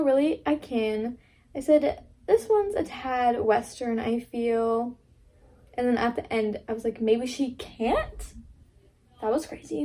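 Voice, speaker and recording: This young vlogger's voice sits a little high but sounds dark in tone. Her talk is loose and chatty, packed with "like" and frequent quotes of her own words.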